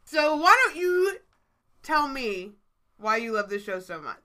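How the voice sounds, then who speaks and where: A woman co-hosting a relaxed chat show, talking loosely and swearing without a second thought. Her voice sits a little high and sounds bright and clear. She laughs easily between points. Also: unhurried. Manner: chatty, swears freely, laughs often. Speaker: podcast co-host. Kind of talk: casual chat.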